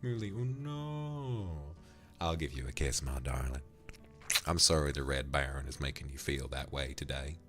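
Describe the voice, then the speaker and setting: A man voicing a flirtatious, smooth-talking cowboy with a put-on Texan accent, calling everyone darling. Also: a bass voice, lively intonation, normal speed, a bit bright, faint music behind. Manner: drawling, sweet-talking, calls everyone darling. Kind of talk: character voice on a livestream.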